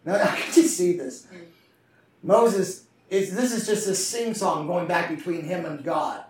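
In a church sanctuary, a man with a high voice delivers an impassioned sermon at a measured pace, drawing call-and-response replies from the congregation. The sound is echoey and captured from far off.

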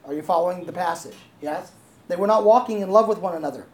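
A woman's voice: lowish voice, fast talker, darkish tone. Woman preaching in an echoey hall. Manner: conversational, asks the congregation questions, laughs easily. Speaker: pastor. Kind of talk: sermon. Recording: roomy echo, faint ambience.

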